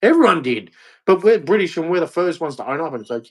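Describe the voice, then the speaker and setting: A man's voice: on the high side, sing-song, fast talker. An Australian man delivering a heated, blunt opinion rant, repeating himself and swearing. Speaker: vlogger.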